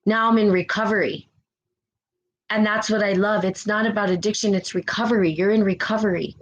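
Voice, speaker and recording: Fairly quick and steady, a woman's mid-range voice comes through dull audio as she hosts a spiritual live stream. Close to tears, she gives a fervent motivational talk, reading viewer comments, repeating herself, and asking "right?" throughout.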